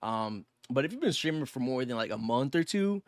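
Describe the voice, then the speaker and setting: A young man co-hosting a podcast, talking fast and loose with lots of slang, cursing and filler words. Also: mid-range voice, big pitch swings, dry recording, clean studio sound. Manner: fast, rambling, slangy and profane, with many fillers. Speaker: podcast co-host. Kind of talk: casual podcast chat.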